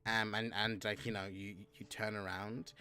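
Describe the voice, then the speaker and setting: A man narrating a fantasy tabletop game as game master, halting with many fillers. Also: fairly low pitch, flat delivery, sharp tone, clean tone.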